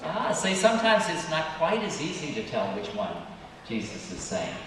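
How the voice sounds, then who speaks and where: A man who is a priest giving a children's sermon, asking the children gentle questions and waiting for their answers. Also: on the high side, wildly swooping pitch, normal speed, a crowd in the background. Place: church sanctuary. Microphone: distant room mic. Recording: echoey church hall, distant mic, background noise.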